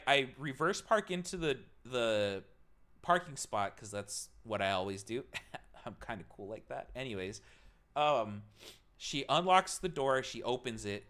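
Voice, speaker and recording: A young man streams to his live chat, telling a story in a casual, swearing way and breaking out in loud mock panic. His voice is medium-pitched.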